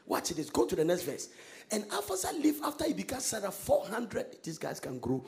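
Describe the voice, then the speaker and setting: Pastor guy, really high voice, swoops up and down a lot, preaching loud. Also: huge pitch swings, normal speed, vocal fry. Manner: emphatic preaching with sudden shouted, sung-out phrases and laughter. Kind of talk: sermon.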